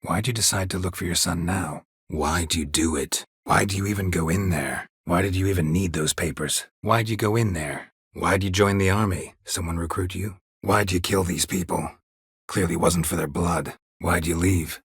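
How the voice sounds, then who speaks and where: Geralt, gruff terse monster hunter. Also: male voice, steady tone, moderate pace, fairly bright tone, no room sound, exaggerated voice. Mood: terse, dry. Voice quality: husky, gravelly low voice. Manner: clipped, laconic, dry sarcasm. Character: gruff middle-aged male monster hunter, terse and dry. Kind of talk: game voice acting. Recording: dry close studio recording.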